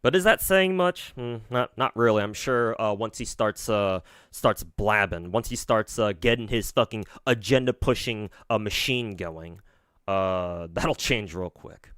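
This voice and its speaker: A man's voice: fairly low pitch, unhurried, fairly bright tone, clear, resonant tone, dry recording, clean studio sound. A man streaming, reacting to a video with mocking, profane, sarcastic commentary.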